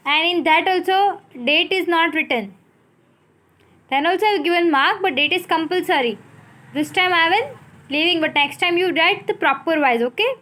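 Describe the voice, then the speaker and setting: A woman teacher with an Indian English accent, giving a recorded English lesson, explaining words slowly and spelling them out letter by letter. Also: very high voice, bright, forceful tone.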